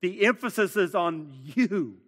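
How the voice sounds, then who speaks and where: A man's voice: sits high, animated, measured pace, a bit bright. Earnest preaching man in echoing hall. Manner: earnest preaching with repeated words and rising emphasis. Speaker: pastor. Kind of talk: sermon. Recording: long hall reverb.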